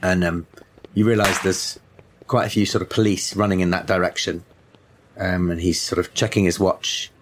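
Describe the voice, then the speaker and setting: A man's voice: sits low, level tone, moderate pace, noisy background. Hesitant man narrating a game. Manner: hesitant, many ums and uhs. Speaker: game master.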